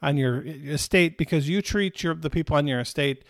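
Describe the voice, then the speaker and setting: A man's voice: a little high, normal speed, creaky, no room sound. Man playing a young prodigal son in a parable retelling, everyday voice, dry close sound. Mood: humble. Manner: pleading, self-abasing.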